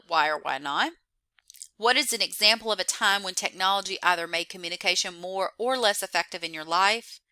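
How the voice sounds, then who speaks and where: A woman college instructor walks students through upcoming assignments in a recorded online class meeting, filling her explanations with "so" and "you know." Her voice is bright and crisp, and the recording is close and dry. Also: medium pitch, dry recording.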